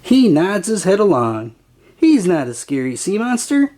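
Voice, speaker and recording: Children's read-aloud narrator, unhurried, sing-song, wide lively pitch. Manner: slow, expressive, sing-song. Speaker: storybook reader.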